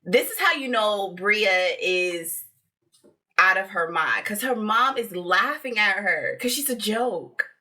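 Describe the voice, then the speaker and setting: Bright, animated woman recapping reality TV. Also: mid-range voice, slow pace. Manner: animated, laughing, blunt and profane. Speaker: podcast co-host.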